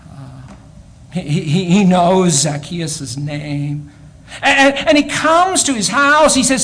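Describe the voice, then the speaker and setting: A man preaching a sermon, animated, swinging between loud exclamations and quiet asides and often repeating words as he goes. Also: sits high, a little slow, a little hiss or hum.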